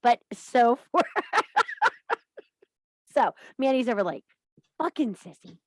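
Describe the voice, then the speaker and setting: A woman's voice: a little high, takes it slowly, darkish tone, no echo. A woman hosting a casual spiritual coaching talk who swears freely, laughs at her own jokes and talks in a bawdy, joking way. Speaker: host of a witchcraft and wellness group.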